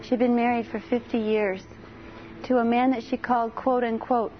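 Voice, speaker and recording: A woman recounting a client's story in a lively way, with many "she said" tags. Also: a little high, moderate pace, lo-fi sound, slight background noise. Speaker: intuitive reader telling a client story. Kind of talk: anecdotal storytelling.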